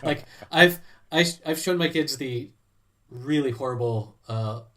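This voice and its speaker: Dad type guy hosting a podcast, rambly and chatty, mid pitch voice. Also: a little slow, a crowd in the background. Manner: chatty, rambling, many restarts. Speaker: podcast host. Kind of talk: casual chat.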